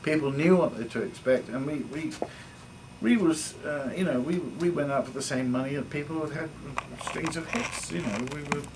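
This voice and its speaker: An older man with an English accent, a guest musician telling animated stories and acting out the voices of people in them. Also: fairly high pitch, moderate pace. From England. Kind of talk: anecdotal storytelling. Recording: distant mic with noisy ambience.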